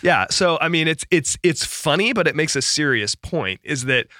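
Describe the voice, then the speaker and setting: A man's voice: a little high, lively intonation, moderate pace, bright, forceful tone, dry recording, studio quality. A man who is a pastor and podcast co-host, talking thoughtfully in a casual discussion, with frequent restarts and laughter.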